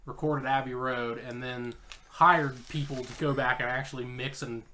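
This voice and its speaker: A man's voice: mid-range voice, fairly even intonation, sharp tone, a little hiss or hum. A man co-hosting a casual podcast, reading his notes on an album and joking with friends while chewing an apple. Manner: joking, profane, reads notes quickly. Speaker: podcast co-host. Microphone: home podcast mic, eating apple.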